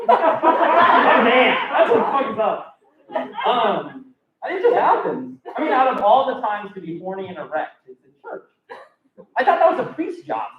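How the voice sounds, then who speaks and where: Young comic with crude, hesitant jokes. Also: male voice, very high voice, very animated, a little slow. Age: young adult. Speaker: student stand-up comic. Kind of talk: stand-up set. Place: live comedy stage. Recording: echoey muffled room recording from far off, noisy.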